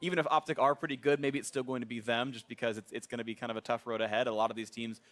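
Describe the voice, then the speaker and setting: A man casting a live esports match, energetic and joking as he introduces the teams. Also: medium pitch, racing. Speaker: esports caster.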